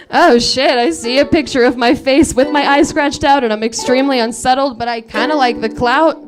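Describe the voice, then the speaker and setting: A woman's voice: sits high, fairly even intonation, moderate pace. A woman in her late twenties performing a comedic sung story live on a saloon stage, wry and profane, with spoken asides between verses. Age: late 20s. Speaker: comedic singer-songwriter. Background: her own ukulele accompaniment.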